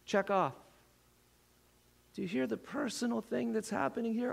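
High-voiced pastor preaching in a reverberant hall. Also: male voice, normal speed, gravelly, pauses often, husky. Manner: earnest, rising to impassioned appeals then dropping to near whispers. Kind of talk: sermon.

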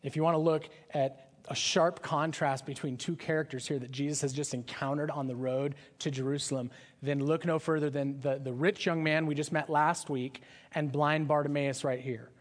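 A man's voice: fairly high pitch, steady tone, normal speed. A man preaching a sermon in a conversational style, often asking his listeners questions. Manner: conversational, asks the audience questions. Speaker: pastor.

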